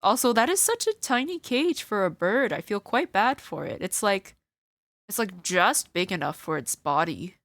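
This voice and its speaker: A woman's voice: mid-range voice, sing-song, normal speed, fairly bright tone, a little hiss or hum. A woman streamer giving casual, chatty let's-play commentary. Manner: chatty, giggly asides.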